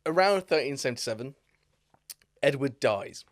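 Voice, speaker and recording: A man's voice: mid-range voice, animated, normal speed, dry recording, studio quality. A young English man co-hosting a history podcast, recounting events in casual chat with jokey asides. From England. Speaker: podcast co-host.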